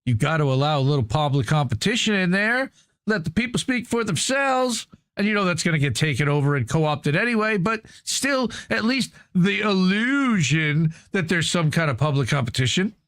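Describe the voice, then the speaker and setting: A man's voice: high voice, animated, moderate pace, a bit bright, dry recording, clean studio sound. A man hosting a talk show, reading an article aloud and commenting in a casual, profane way. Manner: profane, conversational, reads aloud then comments. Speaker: news show host.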